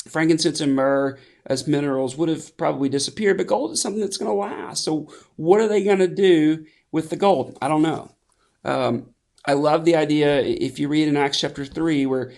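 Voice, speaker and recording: A pastor giving a conversational sermon, with frequent restarts and fillers. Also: male voice, a little high, gravelly, a little mellow.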